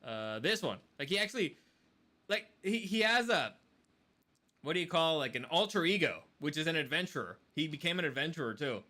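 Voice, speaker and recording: A man's voice: on the high side, fairly quick. A man co-hosting a podcast in casual chat. He rants animatedly and swears often. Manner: animated ranting, swears a lot. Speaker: podcast co-host.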